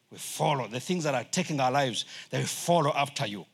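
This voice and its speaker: A middle-aged man who is a missionary, preaching a sermon in English, which is not his first language, lively and acting out voices. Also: fairly high pitch, fairly quick, few pauses. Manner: animated, acts out voices and laughs often.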